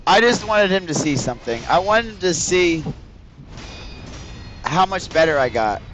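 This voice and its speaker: A man with a high, expressive, fairly bright voice speaks unhurriedly with a little hiss or hum in the background. Streaming a video game, he rambles in casual, profane chat aimed straight at his viewers.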